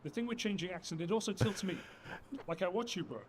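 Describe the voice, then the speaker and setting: Man playing an irritated teammate, high lively voice, swearing, loud noise behind. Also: fast talker, natural voice. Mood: annoyed. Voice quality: exasperated, profane. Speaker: teammate in a parody video. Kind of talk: comedic sketch acting.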